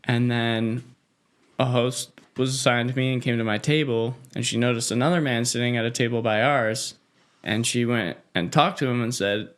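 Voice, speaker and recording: A man's voice: medium pitch, steady tone, moderate pace. A man co-hosting a podcast, telling a customer service story in casual chat with laughs along the way. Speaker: podcast co-host.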